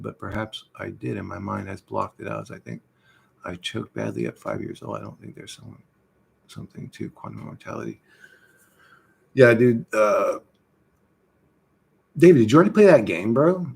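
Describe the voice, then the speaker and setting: A middle-aged man with a creaky, medium-pitched voice chats casually on a livestream. He reads the chat and tells rambling, profane stories, his volume swinging between loud and quiet.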